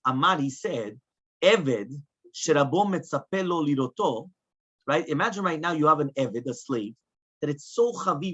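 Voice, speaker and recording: Animated rabbi giving a Talmud class. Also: male voice, fairly high pitch, slightly rough, muffled recording. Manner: animated, rhetorical questions, mixes Hebrew and English. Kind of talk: Talmud lecture.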